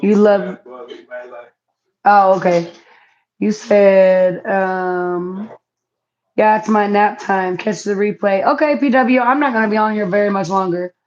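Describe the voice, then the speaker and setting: A woman's voice: mid-range voice, steady tone, a little slow, a little mellow, highs cut off. A woman chatting casually to viewers on a home livestream, reading comments aloud. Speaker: livestream host. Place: home, indoors.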